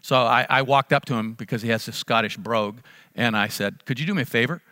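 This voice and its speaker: A man's voice: medium pitch, quick pace, pushed and bright, no room sound, clean studio sound. A middle-aged man preaching a sermon as pastor, emphatic and repeating key phrases for stress.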